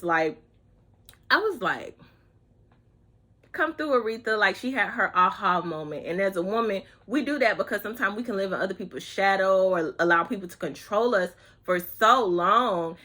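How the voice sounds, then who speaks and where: Speaking in a mid-range voice, a woman vlogger chats casually about a movie for her YouTube viewers. Drawn-out words, sudden bits of singing and a sassy, expressive manner mark her delivery, and she calls her audience honey and child.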